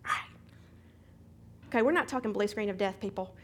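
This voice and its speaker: A middle-aged woman teaching a Bible study, retelling a hectic day as an animated testimony with sound effects. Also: a little high, fast talker, slightly rough.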